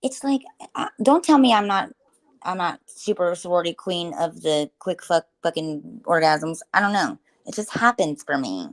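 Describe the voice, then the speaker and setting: A woman's voice: on the low side, lively intonation, moderate pace. A woman co-hosting a podcast, joking in a bawdy, candid way. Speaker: podcast co-host. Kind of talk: casual chat.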